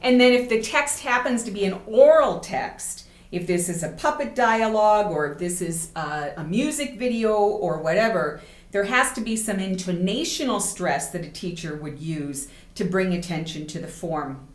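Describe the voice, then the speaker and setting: A woman's voice: mid-range voice, expressive, moderate pace. A woman teacher educator giving a recorded lecture, explaining examples step by step and checking in with "okay?". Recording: roomy echo.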